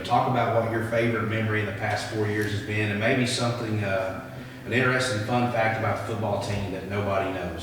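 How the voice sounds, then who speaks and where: A man hosting a sports interview show, asking questions in a halting way with many fillers. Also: fairly low pitch, fairly bright tone. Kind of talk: casual interview. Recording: echoey hall, distant mic, noisy.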